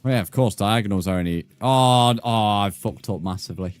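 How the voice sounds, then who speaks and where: In a casual gameplay stream, a young man builds and chats with viewers, cursing freely and calling them mate. His medium-pitched voice moves at normal speed with lively intonation and hardly any pauses, over faint background music.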